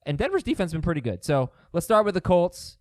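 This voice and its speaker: A man hosting a casual sports chat show in a studio, quick and questioning as he steers his panel. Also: high voice, sing-song, dry recording. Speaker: show host.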